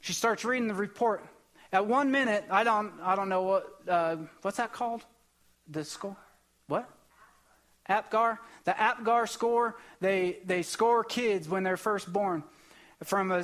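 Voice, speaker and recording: Male preacher, young, fairly high voice, impassioned testimony delivery with surging emphasis. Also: fairly bright tone. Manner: emotional, impassioned storytelling with rising bursts. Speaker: pastor. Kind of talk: sermon testimony.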